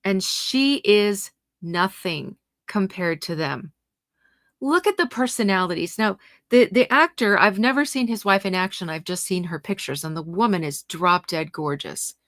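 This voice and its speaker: A woman's voice: mid-range voice, a bit bright, no echo, studio quality. A middle-aged woman hosting a livestream, talking passionately and indignantly, reacting to her viewers' comments. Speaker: host.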